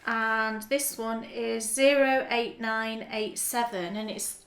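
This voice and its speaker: A somewhat high-voiced woman talks through her yarn purchases in a casual, rambling way, often stopping to restart a sentence. Her voice rings in an echoey room. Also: steady tone, slow pace, fairly bright tone. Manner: chatty, restarts often, shows items to camera. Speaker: podcast co-host. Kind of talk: casual knitting podcast chat.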